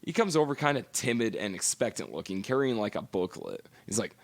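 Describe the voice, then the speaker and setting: A man's voice: medium pitch, very animated, a little fast. A middle-aged man co-hosting a podcast, telling long profane stories in casual chat. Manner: profane storytelling. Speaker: podcast co-host.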